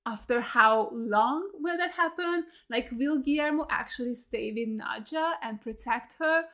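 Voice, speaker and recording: A woman hosting a TV reaction video, excitable and swearing often. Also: a little high, a little slow. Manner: excitable, swears a lot, screams at jump scares. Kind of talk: casual reaction commentary.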